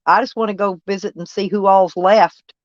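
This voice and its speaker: A woman's voice: mid-range voice, steady tone, normal speed, no echo. Rambling Southern woman on a dull lo-fi livestream. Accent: Southern American. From American South. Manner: rambling, talks back to chat by name. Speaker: vlogger reading live chat. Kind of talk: casual livestream chat. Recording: dull lo-fi dry sound.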